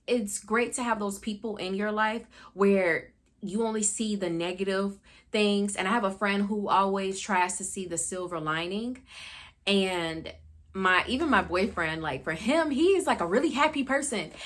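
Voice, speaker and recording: A woman's voice: mid-range voice, moderate pace, fairly bright tone. A young woman talking through a book review in a candid, chatty way, full of fillers and asides. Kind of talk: casual book review talk.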